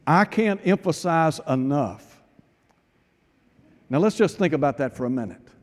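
A man preaching a sermon, firing emphatic rhetorical questions and dropping to hushed tones for weight. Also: a little high, lively intonation, a little slow. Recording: long hall reverb.

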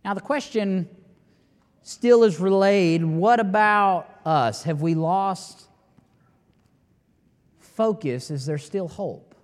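High-voiced preaching man in a reverberant hall. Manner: emphatic, rising to near-shouting at climaxes with long dramatic pauses. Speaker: pastor. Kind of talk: sermon. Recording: long reverb of a large hall.

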